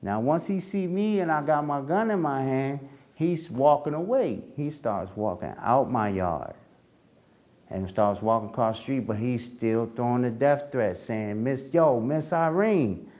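A man's voice: lively intonation, measured pace, darkish tone. A man recounting his own past in candid spoken storytelling, in casual slang, acting out the voices of other people. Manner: casual street slang, acts out quoted voices with shifts in pitch.

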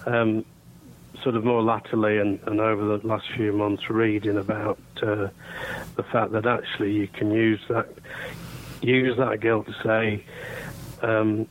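A man co-hosting a radio chat, speaking reflectively and hesitantly, pausing often to find words. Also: fairly low pitch, level tone, narrow, tinny audio, slight background noise. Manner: reflective, hesitant, many fillers and pauses. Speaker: radio co-host.

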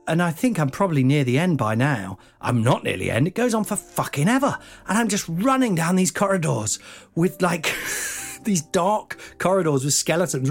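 A man's voice: on the high side, normal speed, soft background music. A man in his forties casually telling a funny personal story as podcast host, swearing and acting out the voices. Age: 40s. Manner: lively, swears, acts out voices.

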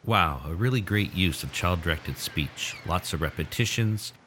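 Deep-voiced male presenter, enthusiastic teacher explaining to learners. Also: expressive, moderate pace, pushed and bright, slight background noise. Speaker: teacher presenting a lesson on child language. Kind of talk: instructional presentation.

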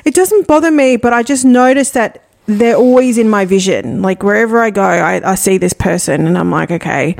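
A woman's voice: mid-range voice, moderate pace, vocal fry, few pauses, a little mellow, no room sound, studio quality. A woman co-hosting a podcast in casual chat, blunt and swearing freely as she tells stories. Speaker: podcast co-host.

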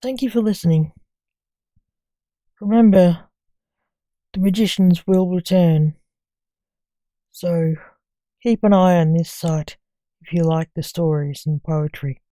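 A woman storyteller reading a story aloud in a calm, even way. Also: lowish voice, takes it slowly, long pauses, no echo. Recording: dull lo-fi recording.

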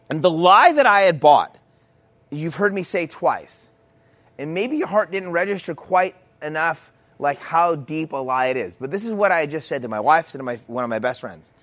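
A man's voice: a little high, expressive, normal speed, fairly bright tone. Man, worship leader, storytelling sermon, chatty, self-mocking, emphatic.

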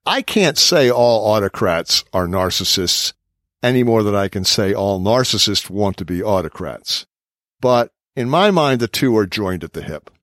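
Podcast host, man, lower voice with lively pitch, reads quotes, dry close sound. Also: moderate pace, no room sound. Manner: reads quotes from notes, laughs often. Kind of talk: political discussion podcast.

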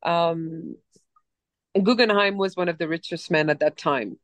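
A woman in her forties with a light French accent, telling her story as a guest in a casual interview, animated and rambling, with many restarts. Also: fairly low pitch, measured pace, dry recording. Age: 40s. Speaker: actress guest.

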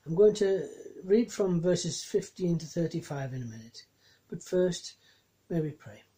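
A man preaching a reflective sermon in a mellow, warm voice. He reads scripture and puts gentle questions to his listeners. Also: fairly high pitch, animated, unhurried. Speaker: pastor.

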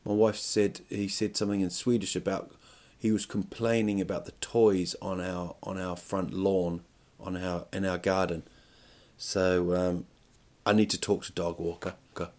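A man's voice: low voice, darkish tone. A man hosting a podcast, talking alone in a rambling, jokey way that keeps breaking off and restarting, with plenty of swearing. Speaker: podcast host. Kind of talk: rambling comedic monologue.

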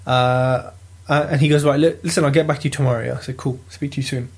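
A British man telling a property auction story in a lively, casual vlog, swearing freely as he goes. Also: medium pitch, fast, breathy edge. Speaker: property investor vlogger. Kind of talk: casual chat.

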